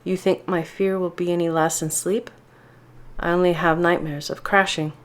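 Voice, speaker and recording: A woman reading as a nervous young Russian woman, her accented voice low and uneasy. She pleads quietly, fearful and tense. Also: steady tone, moderate pace, close to an everyday voice. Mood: worried.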